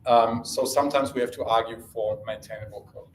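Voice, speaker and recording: A man speaks at an even middle pitch from a stage in an echoey hall. He talks casually, restarting sentences and dropping fillers as he goes. A faint hum of room ambience sits behind him. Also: fairly quick. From Germany. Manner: casual, self-correcting, frequent fillers and restarts. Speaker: conference speaker. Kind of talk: live tech talk. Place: conference room.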